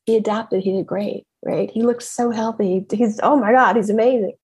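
A woman coach giving a motivational talk in an emphatic, animated way, laughing often. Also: medium pitch, normal speed, hardly any pauses, husky.

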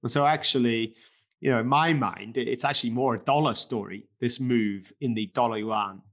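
A man's voice: medium pitch, moderate pace, fairly bright tone. A man co-hosting a finance podcast, explaining currency moves conversationally and repeating points for emphasis. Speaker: podcast co-host, market commentator. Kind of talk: casual finance podcast chat.

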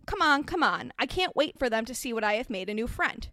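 A woman's voice: big pitch swings, brisk, no echo. A woman doing an overexcited schoolboy. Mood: eager. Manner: eager, loud and high. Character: eager red-haired schoolboy, overexcited.

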